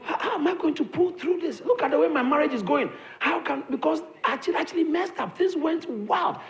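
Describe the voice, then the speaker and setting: A man preaching a sermon, repeating his lines emphatically, building to shouts, and calling on the congregation to answer. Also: very high-pitched, lively intonation, fairly quick. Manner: calls on the congregation to respond. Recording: echoey room with crowd audible. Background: congregation responding.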